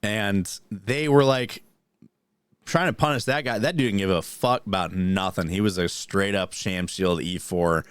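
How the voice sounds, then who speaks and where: A man's voice: low voice, a little slow, fairly bright tone, clear, resonant tone, dry recording. A man at home co-hosting a podcast, explaining army training in a matter-of-fact, profane way. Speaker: podcast co-host. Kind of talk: casual chat.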